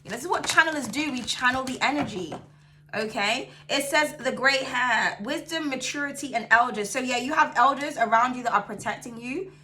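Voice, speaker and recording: Woman tarot reader, high bright voice, sassy, chatty and profane; flips between excited bursts and calm soothing asides. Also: a little fast, a little hiss or hum. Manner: sassy, chatty, swears freely, calls viewers darling. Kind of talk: casual tarot reading to camera.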